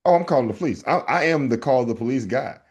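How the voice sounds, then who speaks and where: A man's voice: mid-range voice, expressive, fast, a little mellow, breathy edge. Bantering podcast co-host man. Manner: reactive banter, addresses listeners as folks, mock impressions. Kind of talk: casual chat.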